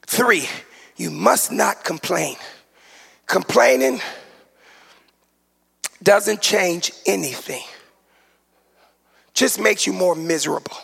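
Preacher, man, 40s: high gravelly voice, sing-song emphatic delivery, reverberant church hall. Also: expressive, takes it slowly, pauses often. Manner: emphatic, sing-song preaching cadence with shouted peaks and humorous asides. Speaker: pastor. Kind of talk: sermon.

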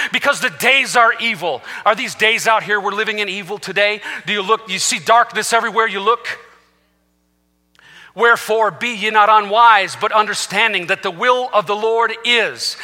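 A man's voice: extremely high pitch, sharp tone. A man preaching a passionate sermon as senior pastor to a church congregation, quoting scripture. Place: church sanctuary with live congregation. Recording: reverberant hall.

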